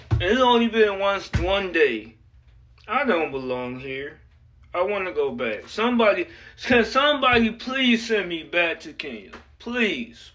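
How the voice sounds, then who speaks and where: Man with a slightly high voice, pleading. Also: a bit bright. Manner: pleading, longing. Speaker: vlogger. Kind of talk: emotional vlog confession.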